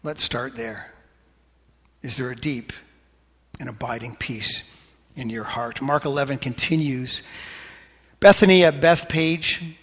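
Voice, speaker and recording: A man preaching a sermon, questioning his congregation, rising to animated emphasis and dropping to soft prayerful tones. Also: medium pitch, a little slow, long pauses, in a large hall. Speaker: pastor.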